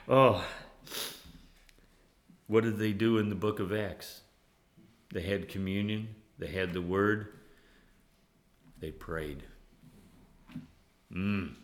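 A man preaching a sermon in an animated way, laughing often and at times rising to near-yelling. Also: low-pitched, slow pace, long pauses.

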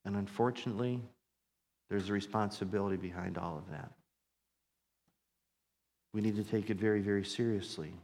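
A man's voice: fairly low pitch, normal speed, pauses often, darkish tone. Earnest preacher man in a reverberant hall. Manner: earnest, repeats phrases for emphasis, rises in intensity. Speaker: pastor. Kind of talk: sermon.

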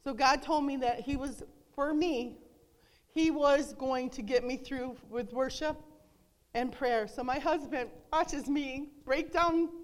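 A woman's voice: sits high, slow. A middle-aged woman giving an earnest, emotional devotional talk to a women's gathering. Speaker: women's ministry speaker. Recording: long reverb hall.

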